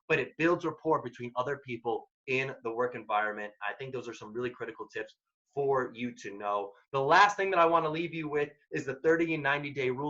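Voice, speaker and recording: A man's voice: on the high side, pushed and bright. A man presenting a career workshop, giving direct, emphatic advice in a casual way. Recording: dull lo-fi recording.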